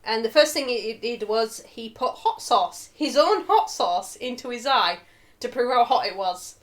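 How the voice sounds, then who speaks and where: Chatty swearing woman, higher voice. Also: expressive, moderate pace. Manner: chatty, swears freely, acts out quotes. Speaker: podcast co-host. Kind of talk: casual chat.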